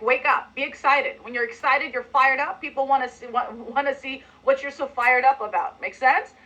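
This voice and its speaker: Energetic woman coaching a sales team. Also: lo-fi sound. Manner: energetic, emphatic, role-plays pitches. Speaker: sales trainer.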